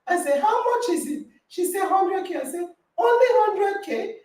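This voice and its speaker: A woman hosting an online podcast call, telling a story with animated reenacted dialogue and laughter. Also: very high-pitched, normal speed, far from the mic. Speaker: podcast host. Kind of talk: lively online group call chat. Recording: roomy echo, voice from off-mic.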